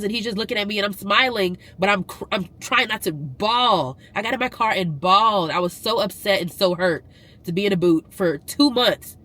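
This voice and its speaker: A woman's voice: mid-range voice, a bit bright. A woman from Louisiana, talking emphatically to camera in a casual vlog and repeating phrases for effect. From Southern US, Louisiana. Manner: emphatic, preacher-like repetition and rising intensity. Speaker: vlogger.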